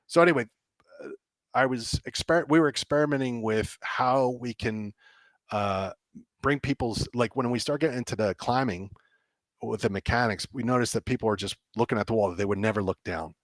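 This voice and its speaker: Excitable man telling a story over a call. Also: mid-range voice, a little fast, no echo. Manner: excitable, acts out quoted dialogue, many restarts. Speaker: game developer guest. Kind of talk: animated storytelling in a podcast chat.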